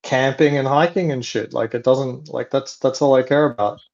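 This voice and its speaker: Casting: man with a gravelly voice, easygoing caller on a slightly dull line. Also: medium pitch, fairly even intonation, moderate pace, darkish tone. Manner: easygoing, laughs along. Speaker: livestream guest caller.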